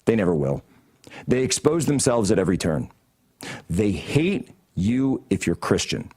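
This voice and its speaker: A man's voice: fairly low pitch, big pitch swings, a little slow, darkish tone, breathy edge. A man hosting a political talk show from a studio, delivering heated commentary in a combative, sarcastic, mocking way. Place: broadcast studio.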